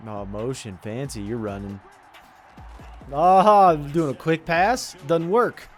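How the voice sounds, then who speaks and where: A man's voice: fairly high pitch, takes it slowly. Young man trash-talking over a video game, music behind. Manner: loud, joking trash talk at the screen. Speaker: gaming commentator. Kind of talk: casual video game commentary.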